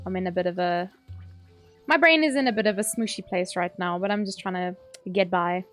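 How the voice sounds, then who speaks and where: Streaming a game from home, a woman with a South African accent rambles in casual chat, laughing frequently. She speaks briskly with a fairly low pitch, and faint music sits behind her.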